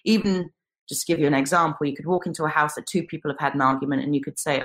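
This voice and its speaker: A young woman with a low-pitched voice tells a personal story as an interview guest. She talks in an animated way, often slipping into the voices of the people in her story. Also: racing. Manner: animated, acts out quotes.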